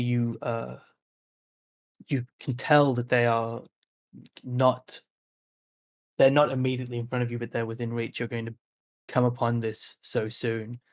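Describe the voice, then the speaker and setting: A medium-pitched man serves as game master for a tabletop role-playing game, describing the scene in detail. His narration is sprinkled with frequent "uh" and "like" fillers.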